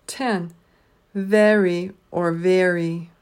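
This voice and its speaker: Woman teacher, very slow and measured, dictating spelling words twice each. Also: lowish voice, fairly even intonation, a little mellow, smooth. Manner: slow, deliberate, repeats each word twice. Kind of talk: reading a spelling word list.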